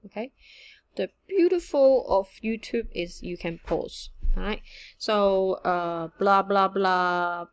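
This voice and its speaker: A woman teaching a casual online language lesson, chatty and relaxed, mixing English and with frequent fillers. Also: medium pitch, slow, clean tone. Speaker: Cantonese teacher.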